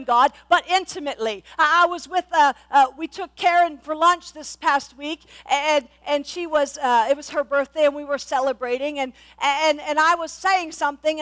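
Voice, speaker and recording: A woman's voice: high-pitched, fairly bright tone. A middle-aged woman pastor preaching a sermon with passion, often repeating her words and stumbling on restarts.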